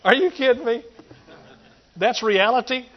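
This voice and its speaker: A middle-aged man preaching a sermon. He talks in a folksy way, swings between loud emphatic points and quiet asides, and calls out to his listeners. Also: very high-pitched, unhurried. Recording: dull lo-fi recording.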